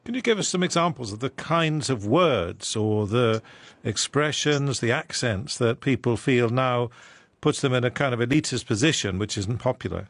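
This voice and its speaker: A man interviewing a guest on radio, asking brisk, leading questions. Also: mid-range voice, lively intonation, dry recording.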